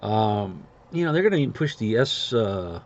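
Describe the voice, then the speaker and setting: A man's voice: on the low side, big pitch swings, normal speed, a little mellow. A middle-aged man giving casual market commentary as a host, blunt, sarcastic and rambling. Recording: dull lo-fi recording.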